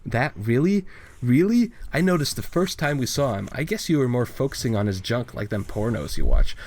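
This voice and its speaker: A crude, exasperated young guy from a comic, sneering and incredulous, as a man reads his lines. The voice is pitched a little above the reader's usual low tone and pushed louder. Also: sing-song, brisk, vocal fry.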